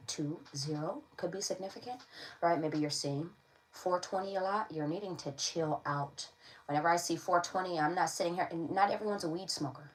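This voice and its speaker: A woman with a fairly low-pitched voice gives a casual tarot reading to camera on a low-quality recording. She's slangy and playful, often checking in with her listeners by asking "all right?"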